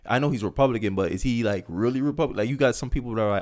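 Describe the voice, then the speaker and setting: A young man hosting a casual political commentary video, reading news aloud and reacting with animated, conversational asides. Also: mid-range voice, rapid-fire. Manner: animated and conversational, slipping into mocking voices.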